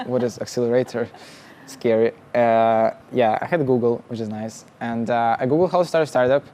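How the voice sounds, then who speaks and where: A man's voice: mid-range voice, steady tone, warm tone. Young man telling a story. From Russia. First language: Russian. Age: young adult. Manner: halting, many restarts and laughs, plain non-native phrasing. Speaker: startup founder guest. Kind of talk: casual storytelling interview.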